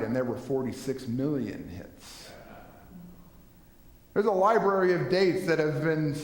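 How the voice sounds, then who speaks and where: A man preaching a sermon as pastor, earnest, building lists and asking rhetorical questions of his congregation. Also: sits high. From Minnesota. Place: church sanctuary. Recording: echoey church hall with long reverb.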